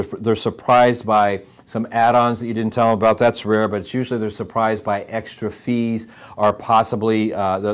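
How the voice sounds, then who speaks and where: A man hosting a motivational podcast for service advisors, talking in a direct, emphatic way and repeating phrases for emphasis. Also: medium pitch.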